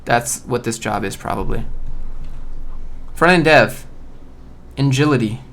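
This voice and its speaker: A man's voice: medium pitch, measured pace, a bit bright. A man on a casual live stream who reads job listings aloud and riffs on them in a blunt, joking way. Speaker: streamer reviewing job postings.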